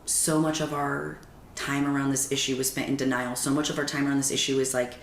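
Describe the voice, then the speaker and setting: A woman's voice: very deep voice, brisk. A woman guest on a podcast, telling a personal story in casual conversation and acting out the lines of the people in it. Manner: animated, acts out quoted dialogue. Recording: roomy echo with faint background noise.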